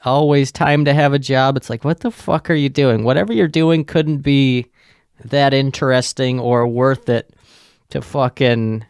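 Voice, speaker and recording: A man's voice: mid-range voice, fairly even intonation, a little slow, darkish tone, clean tone, no room sound, clean studio sound. A young man, hosting a podcast and rambling through a profane, filler-heavy rant. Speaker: podcast host. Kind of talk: casual solo rant.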